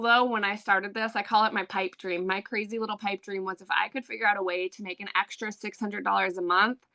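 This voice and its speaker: A woman in her thirties shares her own story with a live audience in a candid, conversational way, full of "um" and "like". Her voice is bright and forward, with a gravelly rasp at the ends of phrases. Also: mid-range voice. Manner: candid, chatty, heavy with "um" and "like". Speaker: online business presenter. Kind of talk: personal story pitch to an audience.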